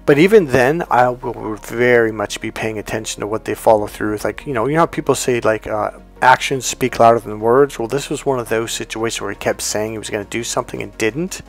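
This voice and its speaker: A man playing a life coach walks through an example in a casual, conversational teaching monologue, acting out the quoted dialogue. His medium-pitched voice is gravelly and a little fast, with few pauses and soft music behind him.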